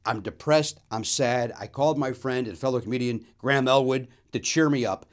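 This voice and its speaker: Speaking at a medium pitch, a fifty-something man who hosts shows and does comedy spins a comic tale punctuated by abrupt loud bursts and rapid side remarks.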